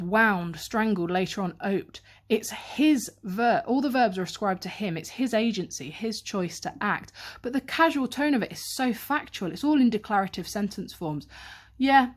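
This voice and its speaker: In a medium-pitched voice, a woman teacher runs a poem revision lesson captured on a handheld camera. She reads out quotations and picks each one apart analytically.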